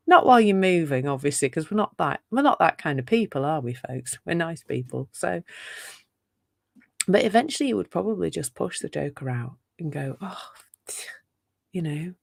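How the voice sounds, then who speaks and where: Woman, gravelly voice, dry close sound, chatty live talk, playful asides. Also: on the low side, no room sound. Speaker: self-compassion teacher.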